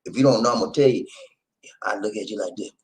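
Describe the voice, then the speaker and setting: A middle-aged man hosting his vlog at home, telling stories in a folksy, animated way and talking straight to his viewers. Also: on the low side, fast talker, rough recording. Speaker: vlog host. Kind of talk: casual storytelling chat to camera. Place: home in the Philippines.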